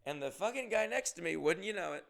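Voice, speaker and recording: Gravelly-voiced man telling a rowdy story. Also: sits high, fast. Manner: profane, animated, with bursts of loud emphasis. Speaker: comedian on tour. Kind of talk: casual storytelling monologue.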